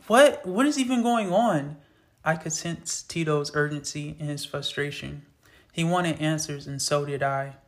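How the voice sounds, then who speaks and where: A man's voice: a little high, a bit bright. A man reading his own novel aloud in an earnest, plain storytelling voice. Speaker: author reading his book. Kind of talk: storytelling narration.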